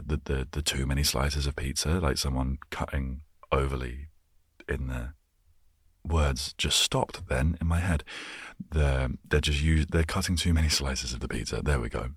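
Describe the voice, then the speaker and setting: A man with a remarkably low voice drifts from thought to thought in relaxed, soft-spoken chat. The sound is dry and close. His easygoing delivery is meant to help listeners unwind. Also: husky, no echo. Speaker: host.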